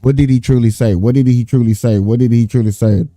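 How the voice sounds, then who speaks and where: Man, heated debate, profane and emphatic, mellow tone, dry close sound. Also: mid-range voice, fairly even intonation, quick pace, no echo. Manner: profane, emphatic, repeats himself. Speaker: panelist, Trump supporter.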